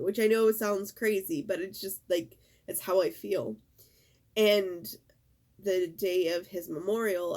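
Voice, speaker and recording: A middle-aged woman in a casual vlog, talking in a halting, emotional way and fighting back tears. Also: medium pitch, darkish tone. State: tearful. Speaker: vlogger.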